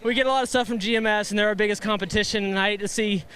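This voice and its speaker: A man who just won a race, out of breath and rambling excitedly through thank-yous in a post-race interview at victory lane. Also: high-pitched, racing. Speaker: race-winning driver. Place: victory lane at a racetrack, outdoors.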